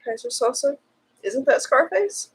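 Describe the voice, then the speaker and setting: A woman's voice: high voice, sing-song, measured pace, vocal fry. A woman co-hosting a casual livestream, laughing often and teasing while reading viewer comments. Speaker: livestream co-host.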